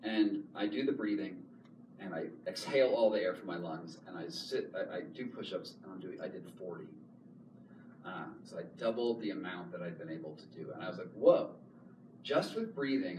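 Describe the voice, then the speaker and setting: A man in his thirties telling a story in an animated talk, repeating words and laughing often as he goes. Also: fairly low pitch. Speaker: author giving a talk. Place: public hall. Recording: echoey hall, distant mic, noise.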